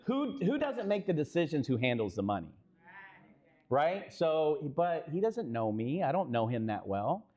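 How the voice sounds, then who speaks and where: Animated Texan man telling a story. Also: fairly high pitch, a little slow, long pauses, lo-fi sound. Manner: animated, acts out quoted dialogue, asks the crowd questions. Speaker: real estate company co-founder telling a story on a live panel. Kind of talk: storytelling on stage.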